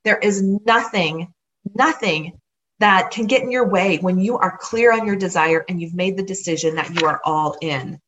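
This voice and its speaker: A woman's voice: on the low side, moderate pace, fairly bright tone, lo-fi sound. A woman hosting a motivational podcast, telling a personal story in an earnest, encouraging way and repeating phrases for emphasis. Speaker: podcast host.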